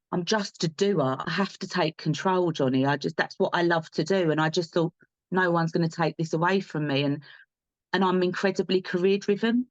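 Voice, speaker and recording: Quick earnest woman on a podcast, dry slightly dull sound, keeps repeating for emphasis. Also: on the low side, dry recording. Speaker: podcast guest. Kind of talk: candid interview talk.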